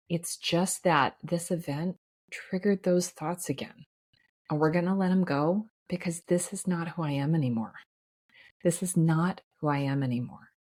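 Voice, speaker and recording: A woman's voice: low voice, a little mellow. A woman hosting a solo podcast as a life coach for physicians, talking earnestly and reflectively, often checking in with "right?" and laughing lightly mid-sentence.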